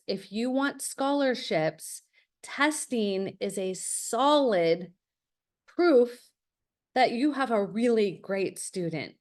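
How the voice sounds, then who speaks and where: Middle-aged lady college consultant, straight-talking, tells stories, slightly high voice. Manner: direct, anecdotal, acts out quotes. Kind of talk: webinar masterclass talk.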